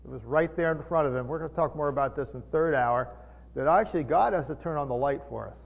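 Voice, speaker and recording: A man's voice: a little high, fast talker, vocal fry, breathy edge. A man preaching a sermon, teaching from the Bible in a folksy way, explaining Greek words and putting questions to his listeners. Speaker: pastor teaching. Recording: long hall echo, tinny phone-like sound.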